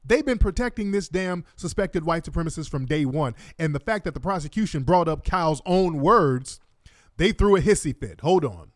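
A man reacts to court footage with indignant, mocking and profane commentary. His voice sits a little high for a man and is recorded close and dry. He talks straight at his viewers, stopping and starting as he cues up clips. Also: expressive, moderate pace, no room sound. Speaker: online commentator.

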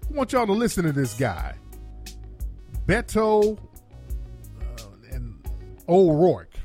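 A man's voice: high-pitched, huge pitch swings, slow pace, darkish tone, soft background music. Emphatic man reacting to a clip. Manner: emphatic, preachy, addresses viewers directly. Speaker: political commentator.

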